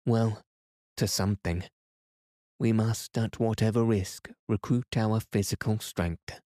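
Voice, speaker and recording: A man reading the lines of a stern, unshakable old professor uncle in a firm, measured, lecturing way. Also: fairly low pitch, fairly even intonation, dark tone, dry recording, clean studio sound. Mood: resolute.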